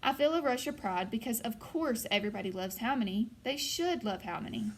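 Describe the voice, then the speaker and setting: A woman narrating a first-person audiobook in an even, storytelling manner. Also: on the high side, fairly quick.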